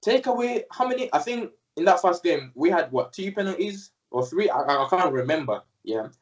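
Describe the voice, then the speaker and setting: A man's voice: sits high, big pitch swings, brisk, distant mic, lo-fi sound. A young man, co-hosting a casual football chat and ranting heatedly in slang. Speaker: co-host.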